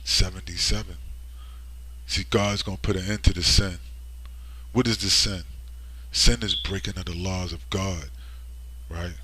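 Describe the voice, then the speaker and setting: A man's voice: low-pitched, fairly even intonation, a little slow, long pauses, sharp tone, breathy edge. A man delivering a preachy vlog monologue with emphasis, often asking "right?" as he speaks. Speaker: online commentator.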